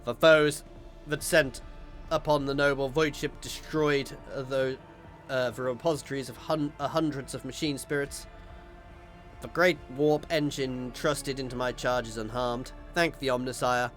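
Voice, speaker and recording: A man's voice: mid-range voice, fairly even intonation, unhurried, a bit bright, soft background music, close to an everyday voice. A man voicing a devout, solemn male machine priest, reading game dialogue in a ceremonial way. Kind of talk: video game voice-over reading.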